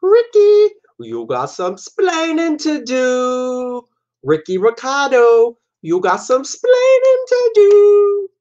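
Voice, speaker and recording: A man putting on a shrill, exasperated wife scolding her husband with a drawn-out sitcom catchphrase. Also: huge pitch swings, a little mellow, lo-fi sound, full character voice.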